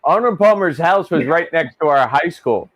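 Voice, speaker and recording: A man's voice: on the high side, expressive, normal speed, no room sound. Chatty male host with a dry sound. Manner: chatty, laughs often. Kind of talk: casual live-stream chat.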